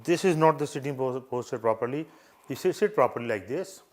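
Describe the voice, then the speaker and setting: A man's voice: medium pitch, lively intonation, brisk. An older man from India coaching interview candidates in a live session, earnest and repetitive, often acting out greetings and gestures. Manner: earnest, repetitive advice with demonstrations.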